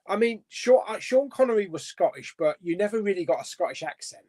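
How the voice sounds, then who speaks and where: A man's voice: high voice, sing-song, a little fast, few pauses, mellow. A man hosting a casual live stream chat, reading out viewer comments and rambling chattily with frequent self-corrections and laughs.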